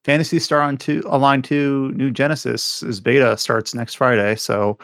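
A man's voice: medium pitch, little pitch movement, normal speed, fairly bright tone, no echo, clean studio sound. A man hosting a podcast in casual chat, wry as he steers the talk.

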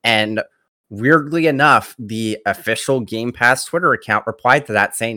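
A man co-hosting a gaming podcast in casual chat, excitable and repeating himself as he builds a theory. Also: medium pitch, moderate pace, dry recording, studio quality. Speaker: podcast co-host.

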